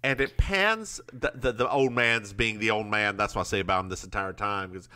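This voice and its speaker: A man co-hosting a podcast, retelling a TV episode in a chatty, animated way with quick asides. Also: lowish voice, clear, resonant tone. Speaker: podcast co-host. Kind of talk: casual recap chat.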